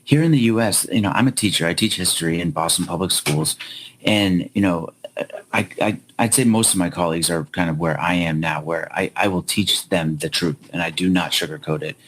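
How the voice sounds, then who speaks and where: A man's voice: deep voice, fairly quick, fairly bright tone, a little hiss or hum, poor audio. A man guesting on a podcast, earnest, often repeating words as he works through a point. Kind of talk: casual podcast discussion.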